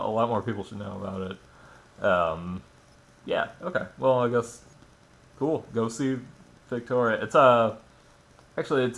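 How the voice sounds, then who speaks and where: A man's voice: on the low side, gravelly, fairly bright tone. A man giving a casual, rambling film review, full of fillers like "like" and "you know", with plenty of swearing. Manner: rambling, filler-heavy, profane. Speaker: movie reviewer.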